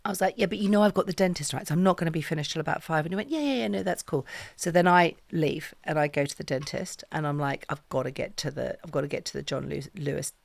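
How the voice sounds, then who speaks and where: A middle-aged woman, a podcast guest, talks in a low, gravelly voice. She swears freely and acts out the dialogue. The sound is close and dry. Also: fairly even intonation, fast talker, hardly any pauses, dry recording. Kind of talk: casual storytelling chat.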